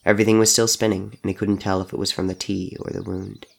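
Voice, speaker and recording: A man narrates an audio drama in steady, measured sentences. His voice sits low with a gravelly edge.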